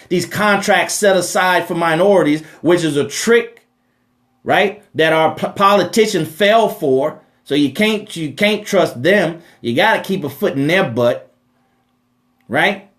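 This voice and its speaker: A man with a fairly high voice hosts a live money Q&A. He talks in an emphatic, preachy way, repeating his points and checking in with a rhetorical "right?". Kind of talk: preachy live-stream talk.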